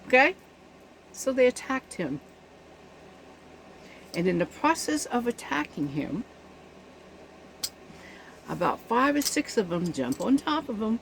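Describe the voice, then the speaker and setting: A woman's voice: sits high, sing-song, a little slow, pauses often, a bit bright, a little hiss or hum, low-quality recording. A woman giving casual spoken commentary on a news event, indignant and emphatic, often checking in with her listeners.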